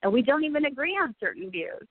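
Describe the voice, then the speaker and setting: A woman's voice: sits high, sing-song, quick pace, no echo. A woman in her forties, a radio guest, speaking candidly and emotionally and swearing freely. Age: 40s. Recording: tinny phone-like dry sound.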